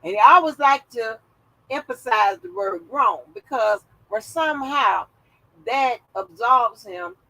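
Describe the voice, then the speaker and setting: A woman with a bright, clear voice hosts a live stream. She gives blunt, profane commentary in a casual way and reacts to what she reads aloud. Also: fairly high pitch, animated, a little slow, rough recording.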